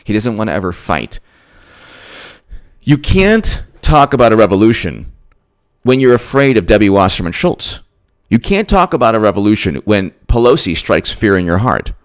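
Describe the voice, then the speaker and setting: A man with a low voice delivers a political rant. His pitch swings widely as he hammers points with repeated rhetorical questions. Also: sing-song, moderate pace. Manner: emphatic, repetitive, rhetorical questions. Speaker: political commentator. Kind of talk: ranting political commentary.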